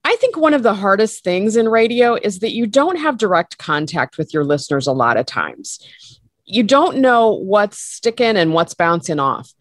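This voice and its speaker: A woman asks measured, inquisitive interview questions, with her pitch rising and falling freely. The sound is dry and close, with no room around it. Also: very animated, dry recording.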